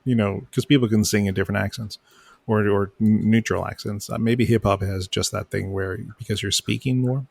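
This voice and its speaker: Husky, stammering man on a dry podcast mic. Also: fairly low pitch, fairly even intonation, brisk, no echo. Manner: stammering, repeats words, self-deprecating. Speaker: podcast co-host. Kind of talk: casual chat.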